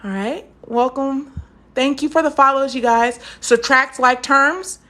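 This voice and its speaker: A woman's voice: high voice, unhurried, sharp tone. A young woman teaching a live math lesson, chatty and encouraging, stopping to answer viewer comments.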